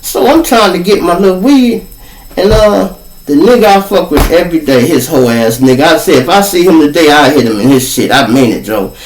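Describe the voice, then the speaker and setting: A man, hosting a podcast and telling a street story in a profane, animated way. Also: a little high, moderate pace, distant mic. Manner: animated, profane, acts out every voice. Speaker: podcast host. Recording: echoey room.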